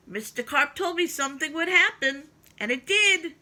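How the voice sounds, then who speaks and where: Bright, expressive woman reading a children's story. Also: high-pitched, a little slow, hardly any pauses. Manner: expressive, with sing-song emphasis. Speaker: storybook reader.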